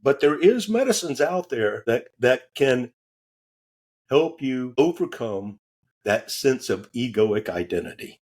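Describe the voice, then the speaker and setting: Husky man telling stories animatedly. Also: mid-range voice, takes it slowly. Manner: animated, acts out quoted voices, curses casually. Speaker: podcast guest. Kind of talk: casual storytelling.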